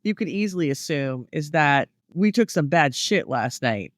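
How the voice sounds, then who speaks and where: Higher-voiced man chatting on a podcast. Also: expressive, normal speed, no room sound, studio quality. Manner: chimes in with short agreements and laughing asides. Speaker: podcast co-host. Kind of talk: casual movie chat.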